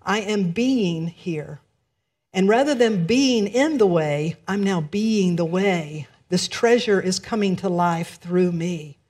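A woman minister telling a story in a sermon, lively and quick to laugh. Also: lowish voice.

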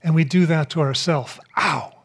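A man giving a spiritual talk, telling a personal story in a reflective, unhurried way with pauses. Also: a little high. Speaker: speaker.

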